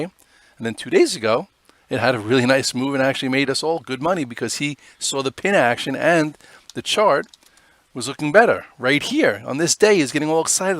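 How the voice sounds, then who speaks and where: A man's voice: medium pitch, brisk, fairly bright tone, dry recording. A man hosting a live stock trading show, giving casual, rambling commentary on charts with many fillers.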